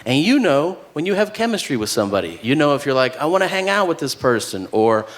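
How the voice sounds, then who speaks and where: A man's voice: fairly high pitch, sing-song, fast talker. A man doing a stand-up comedy set with dry storytelling, acting out both sides of conversations. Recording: noisy live comedy venue.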